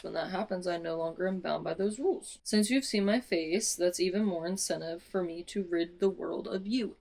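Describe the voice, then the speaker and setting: A young woman vlogging a book reread, reading passages aloud and breaking off into dramatic, excited asides. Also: lowish voice. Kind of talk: casual reading vlog.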